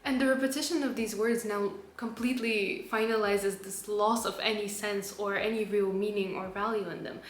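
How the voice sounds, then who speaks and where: A woman giving an earnest, reflective spoken analysis of a poem as a literature tutor, reading quotations aloud along the way. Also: medium pitch. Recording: roomy, with faint background noise.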